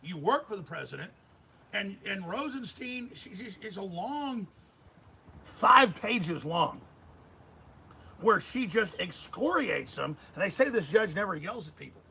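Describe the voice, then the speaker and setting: A man's voice: high-pitched, animated, slow, gravelly, pushed and bright, a little hiss or hum, low-quality recording. A middle-aged man as a radio host, giving heated political commentary in an intense, emphatic ranting manner.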